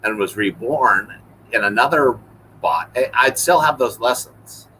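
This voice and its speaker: Reflective man, bright tense voice. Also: medium pitch, lively intonation, a little hiss or hum, low-quality recording. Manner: searching for words, halting and reflective. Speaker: guest. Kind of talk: casual live-stream conversation. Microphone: video call.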